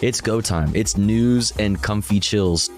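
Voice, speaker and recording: A man's voice: lowish voice, takes it slowly, a little mellow, faint music behind. A man chatting casually and crudely with viewers on a livestream while he reacts to clips.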